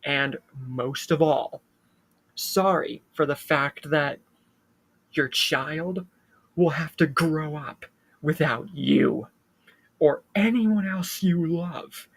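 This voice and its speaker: The narrator voicing a vengeful young woman slasher, delivered low and quiet, in a slow fan-made story retelling. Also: slightly rough. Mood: bitter.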